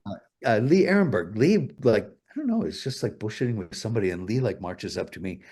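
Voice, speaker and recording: A man's voice: fairly low pitch, big pitch swings, a little fast, a little mellow, breathy edge. A male guest telling stories in a casual interview, rambling and swearing a lot. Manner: profane, rambling, full of fillers.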